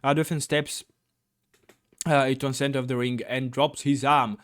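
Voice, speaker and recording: A man's voice: mid-range voice, little pitch movement, normal speed, fairly bright tone. A man playing through a gamebook, reading it aloud with rambling commentary, many fillers and blurted swearing. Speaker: gamebook let's-player.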